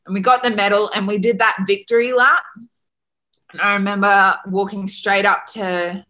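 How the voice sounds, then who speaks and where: An Australian woman in her twenties tells a story as a podcast guest, with a bright, forceful voice. She talks casually and animatedly, scatters "like" through every sentence, and acts out the other people in the story as she goes. Her pitch sits in a medium range. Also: moderate pace. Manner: animated, peppered with "like", acts out quoted dialogue.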